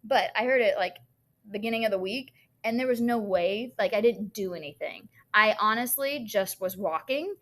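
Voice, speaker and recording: A woman, a teacher co-hosting a podcast, telling stories in casual chat, animated and laughing often. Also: mid-range voice, normal speed.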